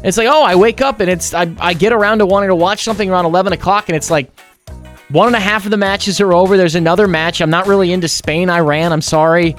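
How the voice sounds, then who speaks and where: A man with a somewhat high voice, sounding off with emphatic, opinionated sports takes in radio banter. Soft music plays faintly behind him. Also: quick pace.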